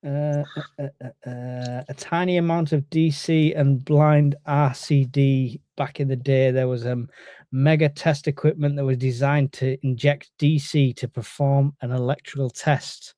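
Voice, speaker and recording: A man's voice: mid-range voice, steady tone, unhurried, warm tone, no echo, studio quality. A man co-hosting a casual live stream and reading out the chat, joking and hesitant, with many fillers.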